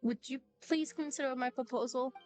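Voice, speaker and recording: A woman reading the lines of an excitable young male architect aloud while playing a game, flustered and dramatic. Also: sits high, moderate pace, faint music behind, close to an everyday voice.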